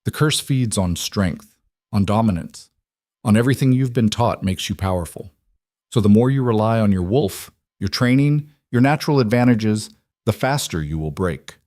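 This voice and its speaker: A man voicing a grave, commanding alpha king in an audio storybook, speaking slowly and deliberately. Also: on the low side, expressive, darkish tone, dry recording, clean studio sound, close to an everyday voice. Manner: slow, deliberate, ominous.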